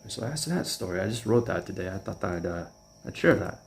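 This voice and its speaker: A man's voice: low-pitched, animated, a little fast, gravelly, slight background noise. A man casually telling a personal story, rambling and chuckling as he goes. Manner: rambling, chuckling, restarts often.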